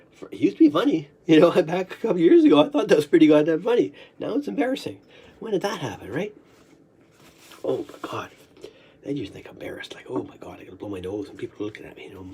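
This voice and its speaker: A man's voice: mid-range voice, vocal fry, mellow, slight background noise. A man rambling through a personal monologue at home, swearing often and breaking into laughs and coughs.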